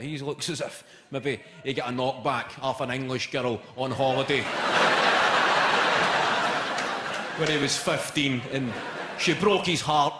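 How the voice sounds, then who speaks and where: A young Scottish man doing a stand-up comedy set, swearing and shouting punchlines, often laughing as he talks. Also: mid-range voice, noisy background. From Scotland. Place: large comedy venue with live audience. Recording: echoey venue with loud crowd.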